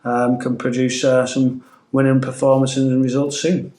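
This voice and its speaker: A man's voice: medium pitch, completely flat delivery, normal speed, dark tone. Northern English man in an echoey room. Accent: Manchester-tinged English. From Northeast England. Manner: earnest, rambling with restarts. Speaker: pundit, former footballer. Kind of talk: casual podcast chat.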